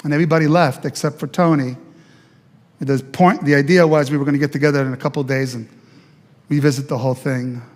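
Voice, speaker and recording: An older man, a pastor, tells the story of his life in an animated way, with restarts and acted-out quotes. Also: fairly high pitch, fast, in a large hall. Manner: animated, acts out quoted voices, many restarts. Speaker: pastor giving his testimony. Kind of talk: personal testimony storytelling. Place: church.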